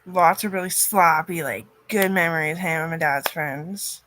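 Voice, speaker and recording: A woman in a rambling personal monologue, cursing often, her loudness swinging from loud outbursts to near-murmurs. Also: sits low, moderate pace.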